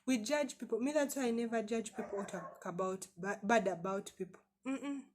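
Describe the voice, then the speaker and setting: A woman's voice: mid-range voice, fairly even intonation, brisk, a little mellow. A woman vlogger telling her personal story to camera in a candid, emphatic way, often repeating words and asking rhetorical questions.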